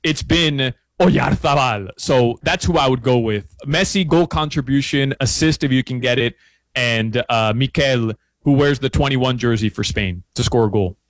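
A man chatting casually as a sports analyst guest, excitable, with lots of stammered restarts and fillers. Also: medium pitch, normal speed, dry recording. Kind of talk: casual sports betting chat.

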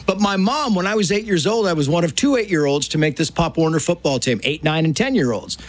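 A man's voice: on the high side, animated, fast talker. A man in his sixties, a guest author, telling a personal story in casual conversation, acting out quoted voices.

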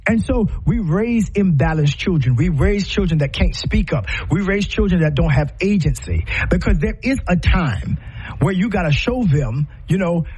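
A man's voice: high voice, expressive, normal speed, darkish tone, breathy edge, poor audio. A man hosting a podcast, giving impassioned commentary in a preacher-like cadence full of rhetorical questions and repetition. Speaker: podcast host.

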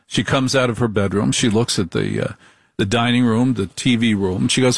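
A middle-aged man giving a comic monologue in a deliberate, repetitive, wry way. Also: medium pitch, lively intonation, creaky, dry recording.

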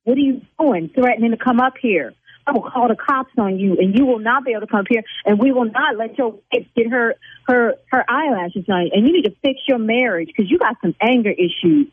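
A woman who owns a beauty salon, arguing with a caller over the phone, indignant and blunt and quick to flare up. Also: a little high, husky, no echo. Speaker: salon owner on a phone call. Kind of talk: heated phone argument. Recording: tinny phone line.

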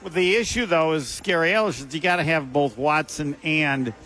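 A man's voice: a little high, normal speed, sharp tone. A man co-hosting a casual sports talk show, asking questions and making wry asides. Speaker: co-host.

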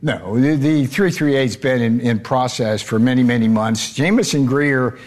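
A man's voice: mid-range voice, normal speed. A man answering interview questions as a trade adviser, blunt and emphatic, often repeating words as he restarts.

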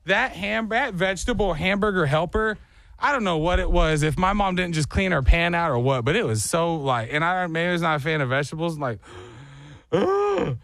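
A man hosting a morning radio show, telling stories in a lively way and acting out the voices of people he quotes. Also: on the high side, fairly quick, dry recording. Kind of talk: casual morning show chat.

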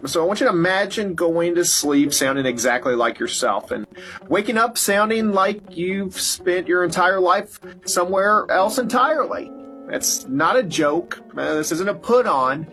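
A man hosting a health talk show, explaining a medical topic in a clear, scripted way. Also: sits high, lively intonation, a bit bright, faint music behind. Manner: clear explanatory delivery, repeats phone numbers slowly.

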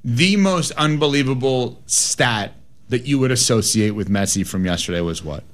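A man hosting a sports talk radio show, briskly reeling off stats. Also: mid-range voice, expressive.

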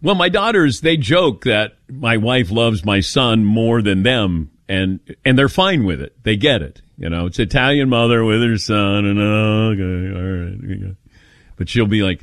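A man's voice: lowish voice, normal speed, no room sound, clean studio sound. A middle-aged man hosting a call-in radio show in casual, joking chat. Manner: lively, joking, animated.

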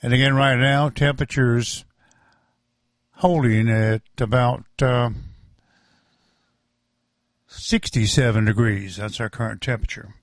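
Steady male radio weather announcer. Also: medium pitch, no room sound. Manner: steady, measured delivery. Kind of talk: weather forecast reading.

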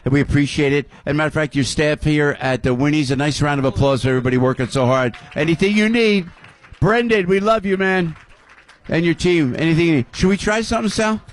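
A man's voice: fairly high pitch, quick pace. An older man hosting a live radio show from a venue, boisterously working the crowd and greeting audience members. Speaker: radio host.

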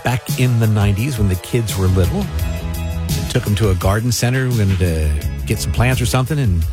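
A man's voice: on the low side, expressive, moderate pace, music in the background. An older man from South Jersey co-hosting a radio talk show, telling stories in a rambling, easygoing way. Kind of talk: casual radio chat. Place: radio studio. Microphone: studio microphone.

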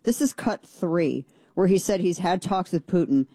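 A woman's voice: lowish voice, animated, moderate pace, dark tone, no echo. A woman hosting a talk radio show, giving a blunt, sarcastic and indignant opinion monologue into a studio microphone.

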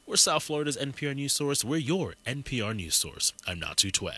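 A man hosting local radio, giving station announcements in an upbeat, crisp way. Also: medium pitch, very animated, fairly quick, pushed and bright.

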